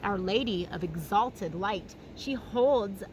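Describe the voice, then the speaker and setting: A woman gives an intuitive tarot reading outdoors, and her voice sits at an ordinary middle pitch. She speaks slowly and dreamily, lingers on phrases and hums softly as she thinks. Clear outdoor noise runs under the recording. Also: animated. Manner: slow, dreamy and emotional, humming often. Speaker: tarot reader. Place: field outdoors in the mountains.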